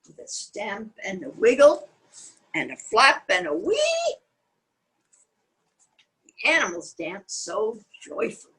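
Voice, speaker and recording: A woman's voice: mid-range voice, very animated, measured pace, pauses often, fairly bright tone, low-quality recording. An older woman reading a picture book aloud to young children, sing-song and asking them questions along the way. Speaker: children's storyteller.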